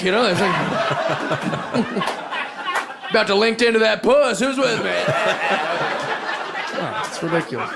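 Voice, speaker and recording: Animated stand-up man over crowd laughter. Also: high-pitched, takes it slowly, vocal fry, pauses often, heavy background noise. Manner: animated, profane, acts out voices of others. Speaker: stand-up comedian. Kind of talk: stand-up comedy set. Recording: audience laughter throughout.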